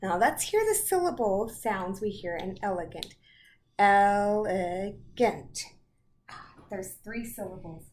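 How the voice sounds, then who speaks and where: A woman teaching a children's phonics lesson, slowly breaking words into single sounds and matching them to letters. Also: medium pitch, sing-song, darkish tone. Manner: slow, segments words into sounds. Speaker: storytime teacher. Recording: echoey room, faint noise.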